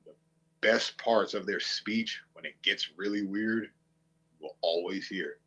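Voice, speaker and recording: A man's voice: low-pitched, slow pace, sharp tone, breathy edge, dull audio. A man streaming, ranting to viewers with a profane, mocking, combative manner. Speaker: online streamer.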